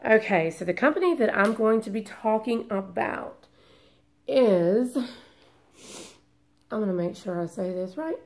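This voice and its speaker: A woman's voice: mid-range voice, lively intonation, slow pace, pauses often. Congested woman rambling to camera. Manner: rambling, hesitant, apologetic. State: congested from a long illness. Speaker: beauty vlogger. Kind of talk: casual chat to camera.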